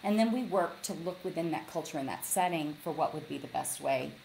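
Woman, author guest, lowish voice, animated storytelling, video call, faint background hiss. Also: brisk, gravelly, rough recording. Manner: animated storyteller, acts out quotes. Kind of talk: casual interview chat. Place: large log cabin lodge.

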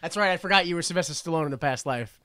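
A man's voice: on the high side, rapid-fire, pushed and bright, smooth, no echo. A man hosting a casual comedy podcast, joking, rambling and laughing often. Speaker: podcast host.

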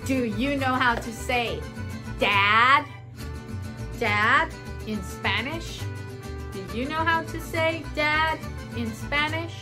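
A woman teaching toddlers simple words in a slow, sing-song way, repeating each word and asking little questions. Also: high-pitched. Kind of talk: toddler language lesson. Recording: music playing under voice.

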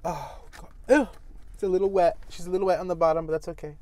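A woman's voice: lowish voice, fairly even intonation, fast talker, mellow. A woman food vlogger eating on camera, casually chatting with her mouth full while she chews, with playful, teasing asides to viewers. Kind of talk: eating vlog with casual chat.

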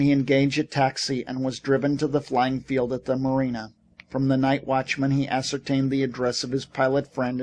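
A man reading an audiobook as narrator, with steady storytelling delivery. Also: mid-range voice. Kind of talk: scripted narration.

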